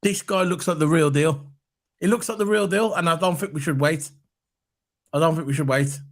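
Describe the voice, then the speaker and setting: A man hosting a casual football fan chat, animated and repeating his points for emphasis. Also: a little high, moderate pace. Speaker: football podcast host.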